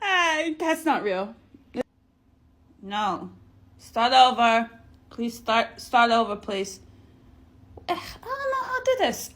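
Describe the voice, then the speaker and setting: High little-kid voice, bossy and blunt, no filter at all, a woman doing the kid. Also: big pitch swings, slow pace, pauses often, fairly bright tone, a little hiss or hum, full character voice. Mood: excited, giggly. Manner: bossy, blunt, self-important. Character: bossy, blunt genderless six-year-old kid. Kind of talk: comedy sketch character monologue.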